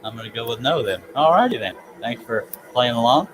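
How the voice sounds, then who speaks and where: A man's voice: medium pitch, expressive, brisk, a crowd in the background, rough recording. A man with a Southern US accent hosting a casual live stream, chatty and giggly as he reads comments aloud. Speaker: livestream host.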